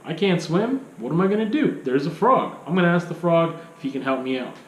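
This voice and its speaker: A man's voice: a little high, animated, a little fast, reverberant, dull audio, a little hiss or hum, natural voice. A man voicing a slangy pleading scorpion. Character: scheming male scorpion from a fable.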